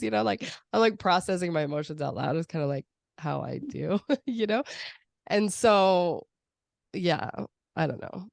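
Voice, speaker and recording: A woman hosting a podcast in casual chat, animated and acting out quoted voices with laughs. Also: on the low side, normal speed, creaky, no echo. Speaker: podcast host.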